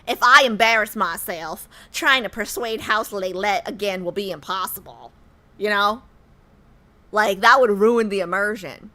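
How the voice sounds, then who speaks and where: An American woman streaming a game, chatting casually with her viewers in an animated, joking way. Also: mid-range voice, measured pace. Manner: animated, joking, talks to chat. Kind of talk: casual livestream chat.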